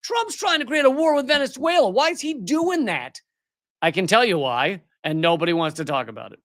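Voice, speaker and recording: A man's voice: sits high, lively intonation, fairly quick, fairly bright tone, dry recording, clean studio sound. A middle-aged man hosting a live political commentary show, ranting in a heated, sarcastic and mocking way. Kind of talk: live commentary rant on news clips.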